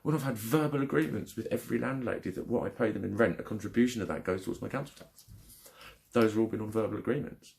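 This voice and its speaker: Brief: young man, low-ish voice, angry swearing vlog rant, exasperated. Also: fast, gravelly, a little mellow. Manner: angry, frustrated, heavy swearing. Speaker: vlogger. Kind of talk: ranting vlog.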